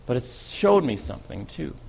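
Eager impulsive disciple told by a man, lively storytelling, mid-pitched, speeds up when he gets fired up. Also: moderate pace, gravelly, husky, exaggerated voice. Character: apostle Peter, impulsive eager male disciple. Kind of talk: first-person dramatic monologue.

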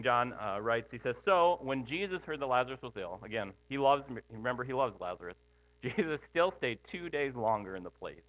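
A middle-aged pastor with a medium-pitched voice preaches a sermon conversationally, thinking aloud and making frequent asides. There's no room sound, but the recording is tinny and phone-like, with mains hum.

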